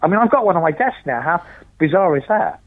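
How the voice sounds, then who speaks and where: A man's voice: fairly high pitch, sing-song, fast talker. A man chatting as a podcast guest, talking in an emphatic, theatrical, rhetorical way. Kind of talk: casual chat. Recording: tinny phone line.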